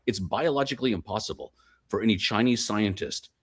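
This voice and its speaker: Guy on a podcast, lowish voice, rattles off his points fast and hammers them home. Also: slightly rough. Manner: insistent, emphatic explainer. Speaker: guest researcher. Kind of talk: fast podcast interview talk.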